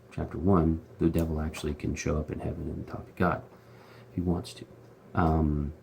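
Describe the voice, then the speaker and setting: A man's voice: sits low, creaky, darkish tone, slight background noise. A man hosting a casual Bible commentary, talking in a chatty, slangy way with lots of fillers and restarts. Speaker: host.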